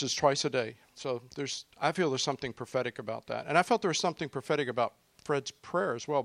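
A middle-aged man leading a congregation gathering, telling anecdotes casually with a halting, chuckling delivery and many fillers. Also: on the high side, fairly bright tone, dry recording.

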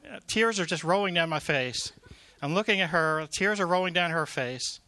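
Bright-voiced man telling a faith testimony. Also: fairly high pitch, normal speed, a little hiss or hum. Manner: animated, emphatic storyteller with repeated phrases. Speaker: prison ministry worker giving a testimony. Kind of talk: testimony storytelling.

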